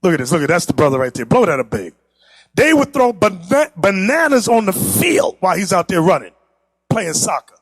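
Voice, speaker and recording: A man teaching a class from pictures, animated and teasing, who laughs often and talks straight to the room. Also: sits high, brisk, no echo, clean studio sound. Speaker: class instructor. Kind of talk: lively classroom lecture with pictures.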